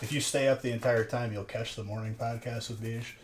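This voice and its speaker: A man's voice: medium pitch, fairly even intonation, a little fast. Male streamer, casual joking banter, up very late, echoey room, background noise. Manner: rambling, joking banter with chat. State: up very late at night. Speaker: live-stream host opening card packs. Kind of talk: casual live-stream chat.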